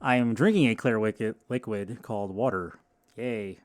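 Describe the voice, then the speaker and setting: A man's voice: on the low side, normal speed. A man co-hosting a casual podcast while sick, giving laid-back, dry replies. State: sick, on antibiotics. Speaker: podcast co-host. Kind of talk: casual chat.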